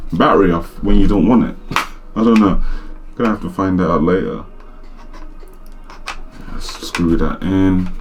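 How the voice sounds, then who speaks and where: A young man, chatting excitedly and slangily through a casual unboxing vlog in his home studio. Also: low voice. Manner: excitable, slangy, exclaims often. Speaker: vlogger.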